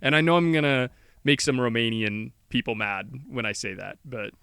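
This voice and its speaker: A young man co-hosting a podcast, joking in casual chat and jumping in with quick agreement. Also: mid-range voice, expressive, a bit bright, smooth, no room sound, clean studio sound. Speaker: podcast co-host.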